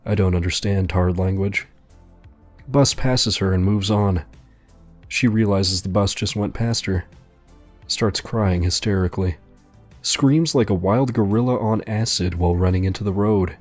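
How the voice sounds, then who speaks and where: Deadpan low-voiced male storyteller. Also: measured pace, faint music behind.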